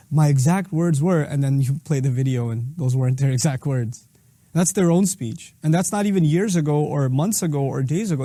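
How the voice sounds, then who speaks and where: A man's voice: a little high, warm tone, no room sound. A middle-aged man giving an explanatory, emphatic lecture on Quranic verses, reciting short passages in Arabic. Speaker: Islamic speaker.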